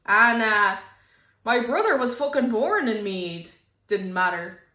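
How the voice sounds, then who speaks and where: A woman's voice: on the high side, slow, roomy sound. A young Dublin Irish woman co-hosting a podcast, chatting casually and telling stories with lots of swearing and mock-quoting. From Ireland. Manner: swearing, animated storytelling, mock-quoting locals. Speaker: podcast co-host. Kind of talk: casual chat.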